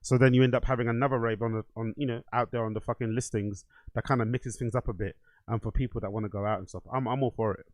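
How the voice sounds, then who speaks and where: Male host, blunt and mocking, mid-pitched, dead-dry sound. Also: steady tone, fast talker, hardly any pauses, no echo. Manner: blunt, mocking, swears freely. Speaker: host reacting to clips. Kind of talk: casual commentary.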